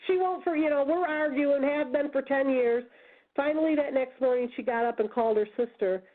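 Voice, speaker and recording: High-voiced woman telling stories over a phone line. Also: brisk. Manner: animated storyteller, acts out quoted voices. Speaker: guest. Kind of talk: casual storytelling on a call-in radio show.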